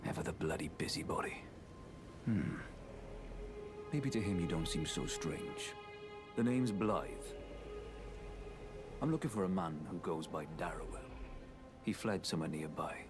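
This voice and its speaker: A grim Welsh hunter, very deep voice, terse and menacing, game audio with clear music underneath. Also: male voice, measured pace, pauses often. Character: grim male hunter seeking a traitor.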